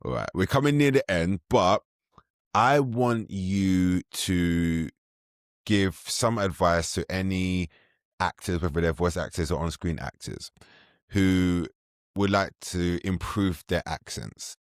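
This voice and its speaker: Deep-voiced English man hosting a podcast. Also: takes it slowly, no room sound, clean studio sound. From England. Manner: chatty, self-deprecating, informal. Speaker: podcast host. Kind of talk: casual podcast interview.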